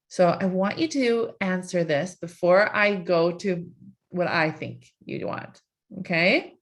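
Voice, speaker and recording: Coaxing woman coach asking questions. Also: lowish voice. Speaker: life coach. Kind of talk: live online coaching session.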